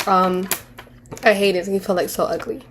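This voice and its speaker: A woman's voice: mid-range voice, steady tone, moderate pace, a bit bright, slight background noise. A woman in her twenties giving casual commentary on a reality show, candid and slangy, rambling with restarts and mocking impressions. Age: 20s.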